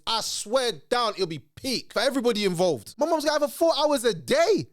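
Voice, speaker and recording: A man ranting in reaction commentary, animated and mocking. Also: sits high, normal speed, hardly any pauses, no room sound, studio quality. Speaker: commentary channel host.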